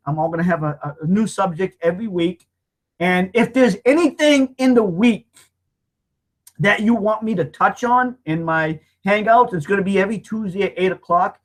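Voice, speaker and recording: A man's voice: sits high, a bit bright. A man in his fifties talking straight to his webcam, earnest and rambling, often repeating himself as he hosts a weekly online hangout. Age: 50s. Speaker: marketing hangout host. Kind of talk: casual heartfelt monologue.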